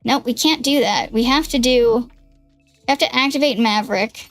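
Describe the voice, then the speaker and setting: A young woman livestreams a card game on a headset mic, chatting casually and thinking aloud as she plans her moves. Her voice is on the high side at a moderate pace, with no room sound and faint music in the background.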